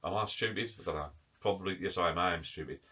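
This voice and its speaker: Husky, breathless man rambling. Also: sits low, fast talker, pushed and bright. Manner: chatty, self-mocking, swears casually. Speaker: vlogger. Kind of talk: casual rambling chat to camera. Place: garden shed bar.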